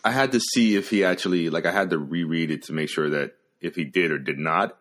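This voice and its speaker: A man co-hosting a casual podcast about a short story, hoarse from a cold, talking in a relaxed, hesitant way with frequent ums. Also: deep voice, brisk. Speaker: podcast co-host. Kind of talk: casual book discussion.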